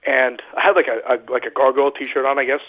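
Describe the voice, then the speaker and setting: A man's voice: mid-range voice, level tone, fast. A man casually telling wrestling stories, swearing freely and laughing at his own punchlines. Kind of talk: casual storytelling with profanity. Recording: tinny phone line.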